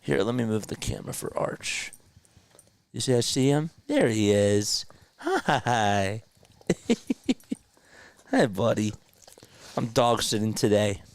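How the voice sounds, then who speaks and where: A man's voice: lowish voice, big pitch swings, slow pace, long pauses, dry recording. A man hosting a casual sports livestream, chatting loosely and reading viewer comments aloud from a home streaming setup. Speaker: play-by-play livestream host. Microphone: podcast mixer setup.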